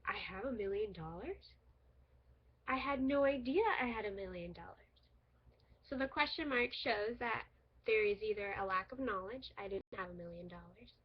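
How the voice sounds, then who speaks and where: Young woman teaching punctuation, husky voice. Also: on the high side, dull audio. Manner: clear, explanatory, with light laughs. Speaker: English teacher applicant. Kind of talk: recorded teaching demo.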